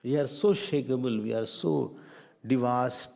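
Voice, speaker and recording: A middle-aged man with an Indian accent, teaching a spiritual class in a lively, playful way. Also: mid-range voice, unhurried, gravelly. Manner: animated, playful, mixes Hindi phrases. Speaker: Vedanta teacher.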